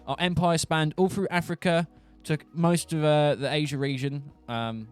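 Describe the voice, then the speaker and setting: A man's voice: on the high side, steady tone, normal speed, smooth, dry recording, soft background music. A young man from England with a Southern English accent, joking and rambling in a casual monologue. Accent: Southern English, Buckinghamshire. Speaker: streamer.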